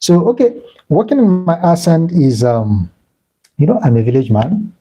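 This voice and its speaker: A man's voice: a little high, animated, normal speed, poor audio. A man with a Nigerian Igbo accent hosting a casual live stream, repeating himself and thanking and blessing viewers as he reads their comments. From southeastern Nigeria. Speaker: crypto live-stream host.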